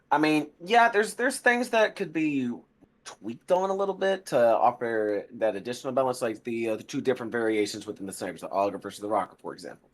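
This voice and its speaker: A man who is a guest on a gaming podcast, talking in a relaxed, chatty way with lots of fillers. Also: mid-range voice, fairly quick. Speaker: podcast guest, military veteran. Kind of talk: casual gaming podcast chat.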